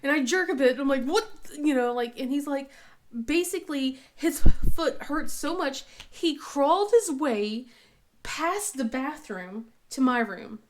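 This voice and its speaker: A woman in her thirties tells a story from home in a loose, chatty way. She laughs often and fills her talk with likes and ums. Her voice sits a little high. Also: lively intonation, measured pace. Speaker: crafting vlogger, mother. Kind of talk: casual storytelling chat.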